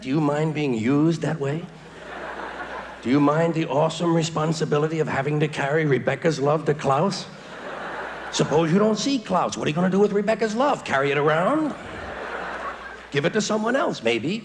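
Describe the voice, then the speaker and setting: A sardonic man in his forties delivers stand-up on a theater stage, his voice pitched a little high. He is heard through a stage mic in a live recording, with clear audience noise behind him. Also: lively intonation, normal speed. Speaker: stand-up comedian. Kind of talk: stand-up comedy routine.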